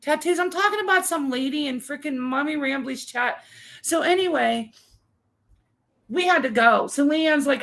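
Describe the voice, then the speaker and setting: High, gravelly woman ranting. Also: moderate pace, a bit bright, rough recording. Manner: ranting, exasperated storytelling with mocking mimicry. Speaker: co-host. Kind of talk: casual chat.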